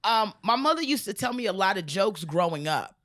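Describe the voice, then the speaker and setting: Woman in her forties, comedian, animated storyteller, laughs a lot, studio mic. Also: mid-range voice, brisk. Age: 40s. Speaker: comedian guest. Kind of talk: casual podcast chat and joke telling.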